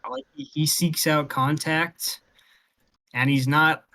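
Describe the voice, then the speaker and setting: A man's voice: on the high side, big pitch swings, slow pace, vocal fry, bright, forceful tone. A man co-hosting a casual sports talk show, laid-back and agreeable. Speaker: sports podcast co-host. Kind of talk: casual chat.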